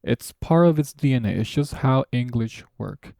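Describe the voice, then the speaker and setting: A man whose first language is Spanish, teaching a casual video lesson and dropping joking, sarcastic asides. His voice is gravelly and mellow. The recording is dry and close. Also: mid-range voice, lively intonation, moderate pace, no room sound. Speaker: language teacher and channel host.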